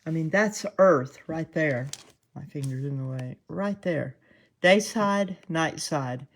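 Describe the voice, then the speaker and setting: Southern lady w a twang doing a live commentary show, slow easygoing talker, chatty, laughs at herself a lot. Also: deep voice. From Southern United States. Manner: chatty, laughs often, self-deprecating. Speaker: host.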